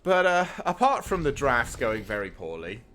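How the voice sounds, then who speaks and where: A man's voice: medium pitch, big pitch swings, normal speed, bright, forceful tone, a little hiss or hum. A British man in his thirties, a streamer chatting to viewers while playing a card game. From Britain. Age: 30s. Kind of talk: casual gameplay commentary.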